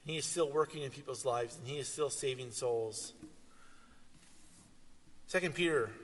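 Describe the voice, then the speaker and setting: A man preaching a sermon, swinging from loud, animated retellings to quiet, earnest asides. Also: medium pitch, moderate pace, long pauses. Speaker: pastor. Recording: long reverb of a hall.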